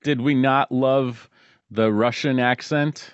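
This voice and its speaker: A man with an ordinary pitch chats on a podcast. He rambles and stops to search for the right words. The recording is dry and slightly muffled. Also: fairly even intonation, slow pace, clean tone, no room sound. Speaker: podcast co-host. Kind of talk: casual chat. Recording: dull, dry podcast mic.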